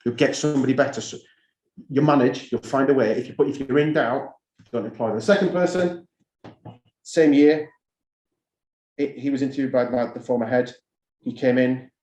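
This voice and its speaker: A man's voice: medium pitch, a little mellow. A middle-aged man, a school head, addressing fellow heads in a conversational, anecdotal way and repeating key phrases for emphasis. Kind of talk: conference talk to fellow heads. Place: school hall or conference room. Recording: roomy hall sound.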